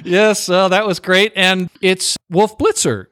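A man hosting a book podcast in casual interview chat, chatty and quick to laugh at himself. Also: sits high, steady tone, a bit bright, no echo, studio quality. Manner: chatty, laughs often, self-deprecating. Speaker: podcast host.

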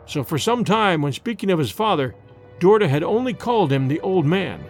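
A man narrating a story in an expressive, measured way, as an audiobook reading. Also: sits high, soft background music.

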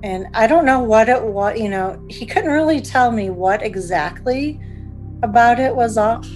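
A woman's voice: on the high side, a little slow, darkish tone, faint music behind. A middle-aged woman being interviewed, recounting past events in a chatty, emotional way and acting out what people said. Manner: emotional, chatty, acts out remembered dialogue. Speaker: interviewee, mother of the story's subject.

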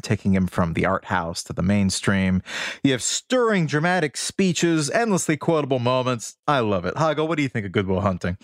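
Young guy from boston gushing on a podcast, pitch jumping all over, super dry close mic. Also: no room sound. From Boston area. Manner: enthusiastic, effusive, laughs often. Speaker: podcast co-host. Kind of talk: casual podcast chat.

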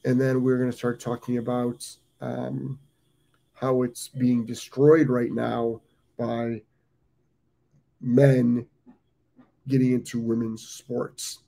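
A man's voice: medium pitch, completely flat delivery, takes it slowly, gravelly, long pauses, mellow. A man in his fifties with an American accent, hosting a live dog training show in casual talk, rambling and repeating himself with many ums. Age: 50s. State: has the hiccups.

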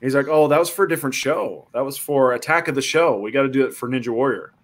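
A man's voice: medium pitch, fast talker. A man telling a funny story in casual chat, acting out voices and reactions. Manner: animated, acts out voices in quotes.

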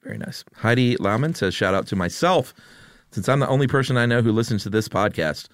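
A man's voice: mid-range voice, animated, brisk, no room sound, clean studio sound. A man co-hosting a podcast, reading listener messages in a laid-back, amused casual chat. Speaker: podcast co-host.

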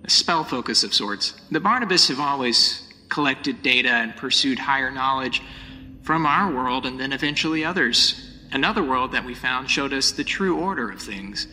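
A man's voice: mid-range voice, bright, forceful tone. A game master voicing a creepy, coldly polite male robot villain who lectures. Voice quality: cold, eerily polite, lecturing. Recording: long reverb, faint hiss.

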